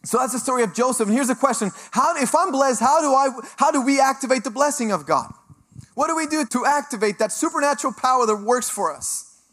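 A middle-aged Mexican man shares his testimony as a guest speaker at a sermon, speaking in a very high voice at a fairly quick pace. He tells his story with animated energy, acting out the voices of the people he quotes.

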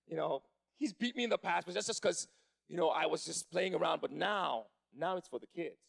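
A man in his thirties works a live crowd with a stand-up story. His voice sits high and carries a gravelly rasp, and he gets louder and more animated as the story builds. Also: a little fast. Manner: animated, building to shouting in excitement. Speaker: stand-up comedian.

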